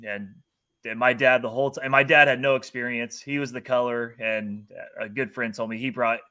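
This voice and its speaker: A man's voice: medium pitch, steady tone, brisk, bright, forceful tone. A man from North Carolina co-hosting a podcast in casual chat, rambling and breaking off mid-sentence. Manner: rambling, self-interrupting. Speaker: podcast co-host.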